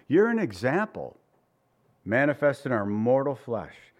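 A middle-aged man preaching a sermon, animated, often dropping to soft asides. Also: mid-range voice, unhurried. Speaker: pastor.

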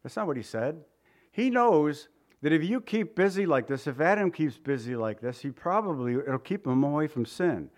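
A pastor preaching a sermon, a man whose voice sits a bit higher than most. He keeps it conversational and deliberate, repeating short phrases and turning to his listeners with rhetorical questions. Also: lively intonation.

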